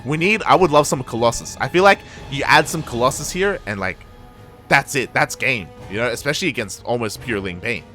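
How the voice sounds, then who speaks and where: A male esports caster calls a live match with a lively voice that swoops up and down in pitch. He is excitable, laughs often and says "mate" a lot. Faint music plays behind him. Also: brisk. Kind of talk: live game commentary.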